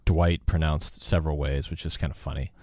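Man, radio host, very low voice, dry studio sound, loose rambling delivery. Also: a little fast, no room sound. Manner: relaxed, rambling, many fillers. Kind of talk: casual radio talk.

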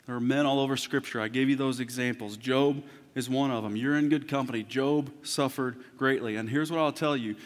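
Impassioned preacher in a reverberant hall. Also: male voice, medium pitch, steady tone, fairly quick, hardly any pauses. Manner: swings from hushed intimacy to loud impassioned preaching. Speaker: pastor. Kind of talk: sermon.

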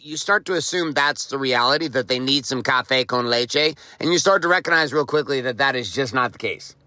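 A man's voice: on the high side, brisk, few pauses, bright, forceful tone, no echo, rough recording. A man hosting a motivational podcast, telling a story and repeating his main point with emphasis. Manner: emphatic, repeats key lines. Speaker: podcast host. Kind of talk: motivational monologue.

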